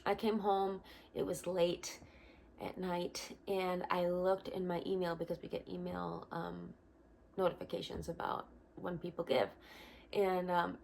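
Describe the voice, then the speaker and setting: A young woman, a missionary, telling her personal testimony in an earnest, animated vlog at home. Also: fairly low pitch, moderate pace, vocal fry, slight background noise.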